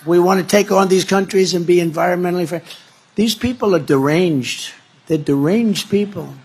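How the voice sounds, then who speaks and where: A man's voice: sits high, breathy edge. Man giving a rambling campaign speech. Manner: rambling, repetitive, emphatic; builds to loud declarations. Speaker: political speaker at a rally.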